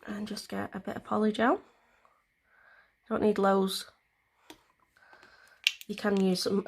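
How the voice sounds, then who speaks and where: With vocal fry in her mid-range voice and noise in the background, a woman vlogger explains a nail tutorial. She takes it step by step in a relaxed, rambling style loaded with fillers.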